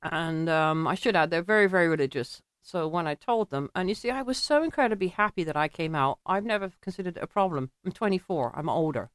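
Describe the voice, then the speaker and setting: A middle-aged English woman telling a personal story, animated and laughing, acting out quoted voices. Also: fairly low pitch, fast talker, few pauses, clear, resonant tone, no echo, studio quality. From England.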